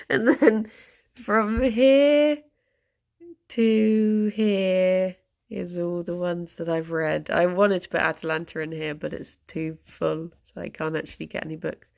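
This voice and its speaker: A woman chatting casually on a live stream, halting with fillers and breaking off to baby-talk to her pet. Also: fairly low pitch, fairly even intonation, vocal fry, darkish tone.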